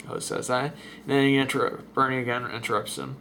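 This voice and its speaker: A man's voice: medium pitch, little pitch movement, fairly quick, gravelly, fairly bright tone, a little hiss or hum. A man giving casual, offhand asides while narrating a comic voice-over dub. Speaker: parody translator.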